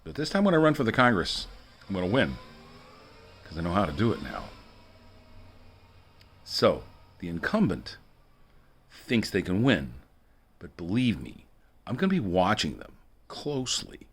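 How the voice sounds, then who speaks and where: A man's voice: low voice, huge pitch swings, measured pace, long pauses, breathy edge. A man rambling through a monologue for his video blog, repeating himself and chuckling between asides. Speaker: video blogger.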